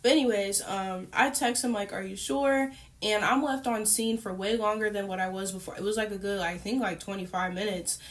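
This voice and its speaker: A young woman chatting casually as she tells a personal story to her viewers, animated and full of fillers. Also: medium pitch, brisk, few pauses. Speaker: storytime YouTuber.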